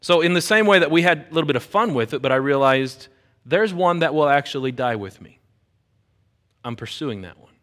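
A middle-aged man preaching a sermon as a pastor. He tells a personal story with lively energy and acts out the voices of the people in it. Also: a little high, fairly quick.

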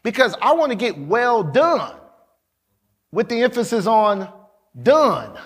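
High, animated preaching man. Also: breathy edge. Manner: preaching, rising to shouts, with quick asides to the congregation. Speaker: pastor. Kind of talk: sermon.

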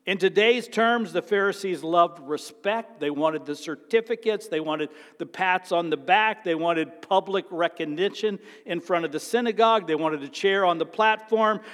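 A man preaching a sermon as pastor, dramatic, swinging from a near-whisper to loud exclaiming. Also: high-pitched, moderate pace, few pauses, big-room sound. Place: church sanctuary.

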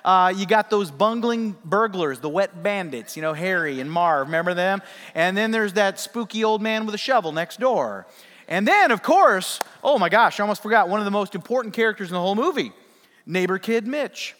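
A man's voice: high voice, animated, fairly quick, fairly bright tone. A man preaching a sermon as a pastor, joking with the congregation and asking them to call out answers, heard in a church with long reverb. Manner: playful, jokey, audience call-and-response. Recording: long reverb in a large hall.

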